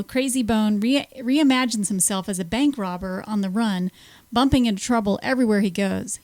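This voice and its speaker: A woman co-hosting a radio show, reading her notes in a smooth, even delivery. Her voice is recorded dry and close, with no room echo. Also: mid-range voice. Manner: smooth even reading, brief agreeing replies.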